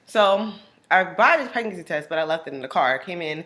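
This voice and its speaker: Animated young woman telling a story. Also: fairly quick. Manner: animated, acts out friends' lines with big pitch jumps. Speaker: vlogger. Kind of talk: casual storytelling.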